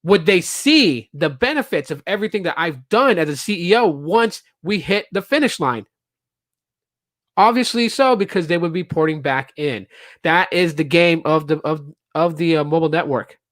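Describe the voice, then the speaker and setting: A man with a fairly high, bright, animated voice hosts a casual solo podcast at a normal pace. He rambles through stories full of fillers and restarts, acting out the lines of quoted customers and reps. The studio-quality recording has no echo.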